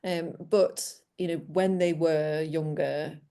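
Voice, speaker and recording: A woman, a dog trainer, talks as a guest in a casual interview with a low, mellow voice. She is bubbly, laughs often and acts out her dogs' reactions. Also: fairly even intonation, slow, vocal fry, smooth.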